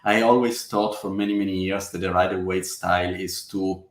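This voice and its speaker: A man from the Mediterranean region, a guest in a casual interview, speaking earnestly in halting, non-native phrasing. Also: sits low, fairly even intonation. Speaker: guest, tarot deck creator. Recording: echoey room.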